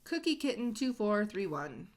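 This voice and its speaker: A woman's voice: medium pitch, sing-song, moderate pace. A woman hosting a casual let's-play, chatting and rambling with lots of "like" fillers as she plays. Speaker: gaming channel host.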